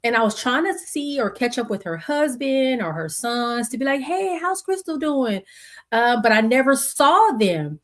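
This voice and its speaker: A woman's voice: fairly high pitch, big pitch swings, moderate pace. Reflective woman in her forties. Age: 40s. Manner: conversational, searching, with many restarts and acted-out quotes. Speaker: podcast host. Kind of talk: reflective personal monologue.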